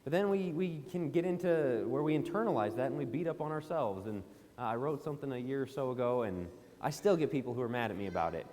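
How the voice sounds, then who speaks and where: A man's voice: medium pitch, expressive, fast, darkish tone. A man preaching a sermon in a church auditorium, emphatic and pressing indignant questions. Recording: long hall reverb.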